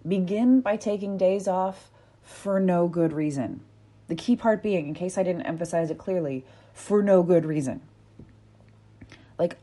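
A woman's voice: on the low side, mellow. A woman hosting a solo podcast, talking candidly and casually, swearing now and then and acting out panicked inner voices. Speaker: podcast host.

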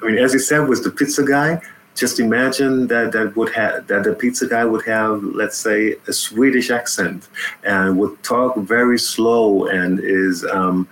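A man's voice: on the low side, fairly even intonation, measured pace, a bit bright, slight background noise, rough recording. A man talking casually as an interview guest, laughing often and repeating words.

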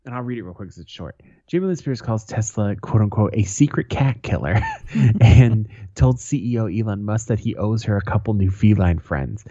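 A man co-hosting a podcast in casual banter, profane and animated, telling stories with laughs. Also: fairly low pitch, moderate pace, no echo, highs cut off. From Boston area. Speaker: podcast co-host.

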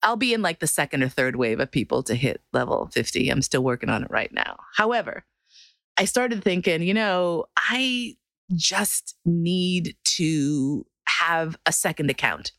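A woman's voice: low-pitched, very animated, a little fast, creaky, fairly bright tone, dry recording, clean studio sound. A woman performer telling a personal story in a casual way, laughing often and swearing casually.

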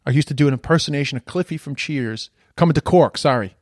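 A man's voice: a little high, fast talker, a little mellow, no echo, clean studio sound. A middle-aged Irish man, a comedian, telling stories in a casual, rambling way, often stopping to correct himself and swearing now and then. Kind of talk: casual storytelling.

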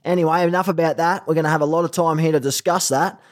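A young man with an Australian accent hosting a casual podcast interview, energetic and chatty with plenty of slang. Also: fairly high pitch, fast. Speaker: podcast host. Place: Los Angeles.

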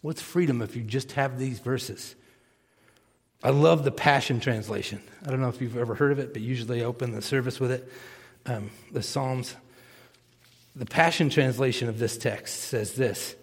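A man's voice: medium pitch, moderate pace, slightly rough. A man, a pastor, preaching a conversational sermon and asking his congregation questions. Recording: long reverb of a large hall.

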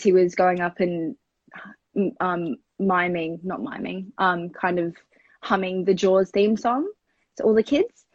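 A woman's voice: fairly low pitch, no echo. Chatty Australian young woman telling a story. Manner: rambling, filler-heavy and chatty. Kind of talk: personal storytelling. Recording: dull, lo-fi dry home recording.

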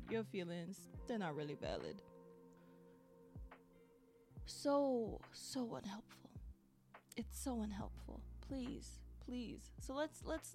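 A woman hosting her podcast, ranting solo in an exasperated, sarcastic way and repeating words for emphasis. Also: on the high side. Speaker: podcast host. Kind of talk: solo diary-style rant.

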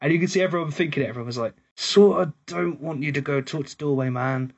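Husky-voiced storytelling man. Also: a little high, fast talker, highs cut off. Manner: animated storyteller, swearing, laughing often. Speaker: podcast co-host. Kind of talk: casual pub chat. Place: pub.

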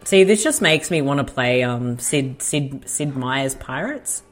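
A man's voice: medium pitch, expressive, unhurried, faint music behind. A laid-back man co-hosting a casual movie-watching commentary, rambling and making crude jokes. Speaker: co-host.

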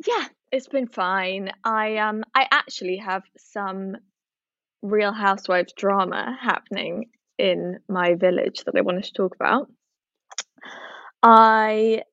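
A woman's voice: medium pitch, fairly bright tone, no room sound. A woman co-hosting a casual chat, telling a story with lots of likes and ums. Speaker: podcast co-host. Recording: dull dry sound.

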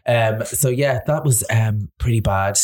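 A man's voice: on the low side, a little slow, darkish tone. An Irish man co-hosting a podcast in casual chat, blunt and gossipy, swearing freely. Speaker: podcast co-host.

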